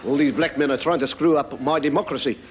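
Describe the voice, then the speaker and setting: A man's voice: fairly high pitch, steady tone, quick pace, over a noisy crowd, heavy background noise, lightly acted. An Irish man doing an impression of a brusque, dismissive male politician who speaks curtly and impatiently. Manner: curt and impatient.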